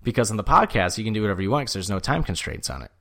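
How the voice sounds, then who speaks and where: Male podcast host, low-ish voice, loose chatty storyteller who acts out quotes. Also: very fast, gravelly. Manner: animated storytelling, acts out quotes with jumps in pitch; swears freely, frequent "like". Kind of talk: casual sports chat.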